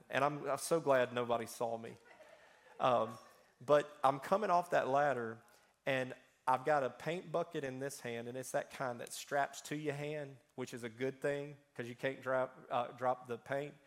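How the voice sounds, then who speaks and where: A man preaching a sermon, telling funny personal stories with animated swings between loud and soft. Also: mid-range voice. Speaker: pastor.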